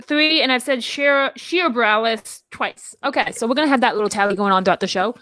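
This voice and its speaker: A woman co-hosting a casual talk show, telling stories in a rambling, animated way full of restarts. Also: fairly high pitch, brisk, no echo. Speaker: podcast co-host. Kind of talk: casual chat.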